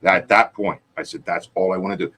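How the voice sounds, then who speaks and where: Husky-voiced man telling rambling stories. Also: low-pitched, steady tone, brisk, pushed and bright. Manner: loose, profane, rambling anecdotes with acted-out quotes. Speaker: guitarist and podcast co-host. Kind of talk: casual storytelling chat.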